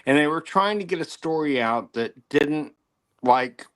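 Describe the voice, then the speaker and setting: On a laid-back talk show, this keen male co-host keeps firing questions at the others. He sounds fairly high-pitched and a bit bright, expressive but unhurried.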